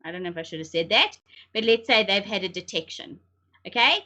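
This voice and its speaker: A woman's voice: mid-range voice, a little fast. A middle-aged woman chatting emphatically as a podcast co-host. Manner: emphatic, animated, sometimes laughing nervously. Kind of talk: casual chat.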